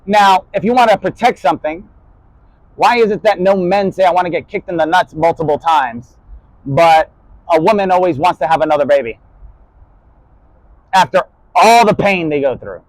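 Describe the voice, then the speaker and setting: High-ish guy rambling spoken word, cussing, topic jumping, dry close mic. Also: lively intonation, moderate pace, pauses often, dry recording, poor audio. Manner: rambling, jumping topics, swearing, shifting loudness.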